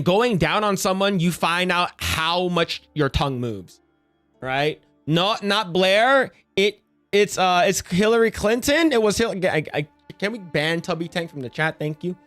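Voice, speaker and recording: A man's voice: high-pitched, expressive, moderate pace, a bit bright, soft background music. A young man chatting casually on a livestream, rambling and swearing a lot as he greets viewers by name.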